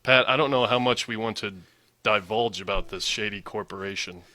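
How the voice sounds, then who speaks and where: Mock-conspiratorial comedy co-host. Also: male voice, fairly low pitch, a little fast, sharp tone. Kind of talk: comedic banter.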